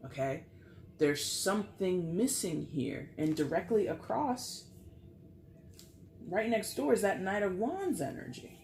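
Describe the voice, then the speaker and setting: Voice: mid-range voice, lively intonation, measured pace, creaky, a little mellow, roomy sound, soft background music. A tarot reader giving a casual, chatty reading, swearing freely and acting out little scenes. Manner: chatty, profane, acts out quotes.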